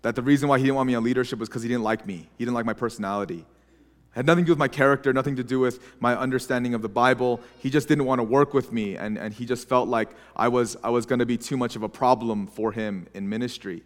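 A man's voice: medium pitch, fast, long reverb tail. A young adult man preaching as a pastor, telling his story in an earnest, confessional way with frequent restarts. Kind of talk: sermon.

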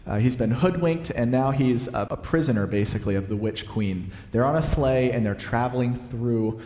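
A man's voice: mid-range voice, moderate pace, warm tone, a little hiss or hum. Man preaching in an echoey hall. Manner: conversational, with fillers and self-corrections. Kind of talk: sermon with read-aloud story.

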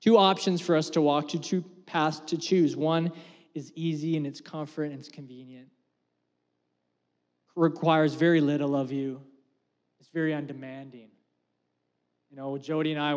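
A man in his thirties preaching in a church hall. His voice sits high, and he moves from loud, emphatic declarations to hushed asides. A long reverb trails each phrase. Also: lo-fi sound. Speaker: pastor. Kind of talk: sermon.

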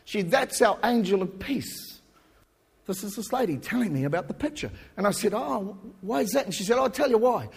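Male pastor with a husky voice, telling a story as a sermon in a reverberant hall. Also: high voice, lively intonation, moderate pace. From New Zealand. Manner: swings from loud preaching to soft asides.

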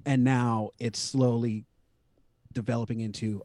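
A man co-hosting a casual chat, rambling with lots of fillers and quick laughs. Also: mid-range voice, darkish tone, no room sound. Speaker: podcast co-host.

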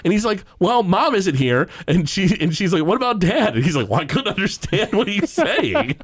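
A man chatting on a podcast, his pitch swinging widely from low to high as he retells scenes. He talks loosely, with plenty of fillers and chuckles. The sound is close and dry, with no room around it. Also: big pitch swings, moderate pace, slightly rough, no room sound. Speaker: podcast co-host recapping an episode. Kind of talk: casual chat.

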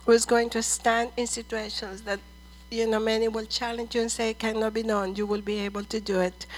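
In a church setting, a middle-aged woman speaks prophetic words over people, addressing them as "dear" and "brother" in an earnest, measured way. Her pitch is fairly high, and the recording quality is poor.

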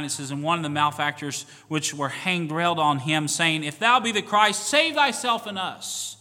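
Bright-voiced pastor preaching in a reverberant church. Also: male voice, a little high. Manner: swings from loud fervent preaching to hushed solemn tones. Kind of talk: sermon. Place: church sanctuary. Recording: long church hall reverb.

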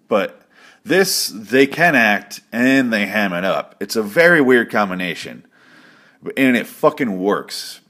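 Guy with a lowish voice rambling on his podcast, swears a lot, jokey. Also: fairly bright tone. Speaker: podcast host. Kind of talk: casual recap chat.

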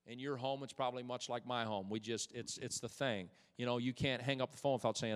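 A man preaching to his church in a mid-range voice. He swings from loud, lifted appeals to hushed, intimate passages. The sound rings with long reverb from a large sanctuary. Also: mid-range voice, fast talker. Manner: swings from loud exhortation to soft intimate storytelling. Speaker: pastor. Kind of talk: sermon.

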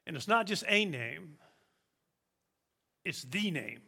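A man preaching a sermon, slow and emphatic, with dramatic pauses. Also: a little high, lively intonation, gravelly, sharp tone, husky.

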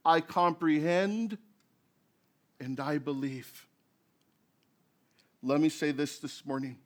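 A man preaching a sermon as pastor, telling a story in a lively, animated way that acts out the scenes. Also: a little high, slow pace.

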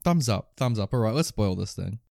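A man co-hosting a casual film review, excitable, swearing and laughing as he argues. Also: on the low side, fairly quick, gravelly, heavy background noise. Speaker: podcast co-host, film reviewer. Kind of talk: casual chat.

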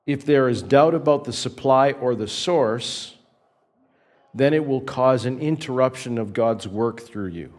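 A man preaching in an earnest, measured way, with a voice of ordinary middle pitch. He pauses between phrases and repeats key words to drive a point home. He sounds like a pastor addressing his congregation. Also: a little mellow. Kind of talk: sermon.

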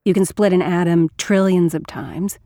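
A woman narrating a first-person audiobook in a sardonic, profane, fast-talking voice. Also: lowish voice, steady tone, dark tone, no echo, studio quality.

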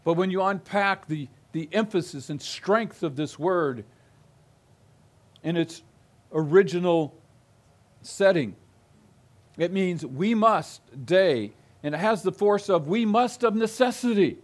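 A man's voice: high-pitched, expressive, slow pace, long pauses. A middle-aged male pastor preaching an expository sermon, emphatic and given to repeating phrases with building intensity.

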